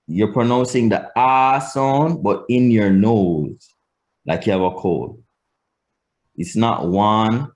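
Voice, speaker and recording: A man's voice: on the low side, unhurried, darkish tone. A man giving a spoken language lesson, explaining pronunciation step by step and modeling each sound aloud. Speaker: language teacher.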